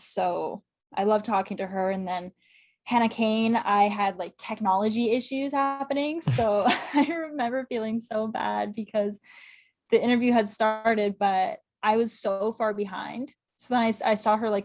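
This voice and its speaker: A young woman talking as a podcast guest, at a mid pitch for a woman. She rambles eagerly in casual interview chat, peppering her talk with "like" and breaking into laughter. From Canada. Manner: chatty, quick, laughs often, heavy use of "like". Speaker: podcast guest, club correspondent.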